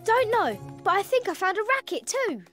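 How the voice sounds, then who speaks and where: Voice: extremely high pitch, sing-song, normal speed, a bit bright, soft background music, heavily acted. A performer voicing a timid, hesitant young boy rabbit in a cartoon. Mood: nervous. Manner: nervous, hesitant.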